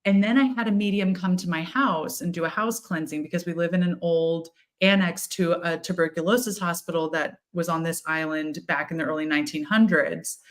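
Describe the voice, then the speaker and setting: A woman co-hosting a casual spiritual chat, telling stories with lively, acted-out quotes. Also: on the low side, fairly quick, few pauses. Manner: animated storyteller, acts out quotes. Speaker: co-host, tarot reader.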